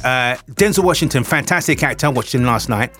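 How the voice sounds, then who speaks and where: A man's voice: mid-range voice, lively intonation, fast talker, over music. A man hosting a radio show in casual, opinionated chat, trailing off mid-sentence. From Britain. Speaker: radio host.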